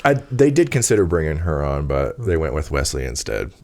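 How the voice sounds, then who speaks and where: Male podcast host, very low voice, meandering, filler-heavy delivery. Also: big pitch swings, a little fast, darkish tone. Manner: rambling, with frequent fillers and laughs. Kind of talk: casual chat.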